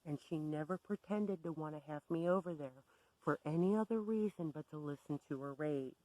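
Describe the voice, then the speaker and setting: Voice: medium pitch, moderate pace, a little mellow, dry recording, rough recording. A storyteller recounting a personal story in a blunt, wry, candid way.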